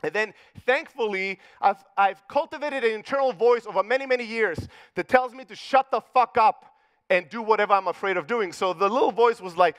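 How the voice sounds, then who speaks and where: Greek-accented male keynote speaker, middle-aged, high voice, dry close sound, profane and punchy. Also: fairly quick, a bit bright, no room sound. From Greece. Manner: profane, punchy storyteller acting out dialogue. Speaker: conference speaker. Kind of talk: motivational keynote storytelling. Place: conference stage.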